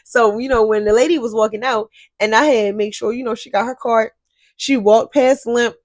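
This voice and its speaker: A young woman telling a workplace drama story to her viewers, animated and profane, often addressing them directly. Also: on the high side, fairly quick, no room sound. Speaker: store cashier telling a story. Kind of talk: storytime vlog.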